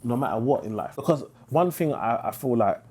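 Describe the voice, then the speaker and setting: Fast-talking British man, mellow voice. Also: medium pitch. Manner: animated, slangy, emphatic. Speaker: interviewee, investor. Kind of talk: casual podcast conversation.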